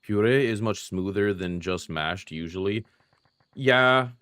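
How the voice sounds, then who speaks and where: A man's voice: deep voice, normal speed, dry recording. A young man streaming a retro game, chatting casually and self-deprecatingly with his viewers while he plays. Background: faint game music.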